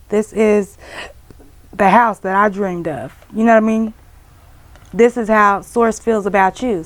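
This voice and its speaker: A woman gives a casual tarot reading. Her gravelly voice sits at an ordinary pitch. She talks bluntly and profanely, scolding her listeners with heavy emphasis. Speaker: tarot reader.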